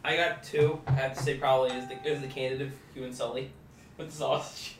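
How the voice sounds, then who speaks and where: A man's voice: medium pitch, fairly even intonation, quick pace, distant mic, background noise. A man chiming in with jokes and short stories in casual podcast chat. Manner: joking, chiming in. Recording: echoey room, crowd chatter.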